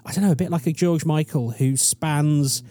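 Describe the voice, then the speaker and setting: This podcast co-host has a fairly high, dark voice and talks at a normal speed, telling a meandering, conversational story full of self-deprecation.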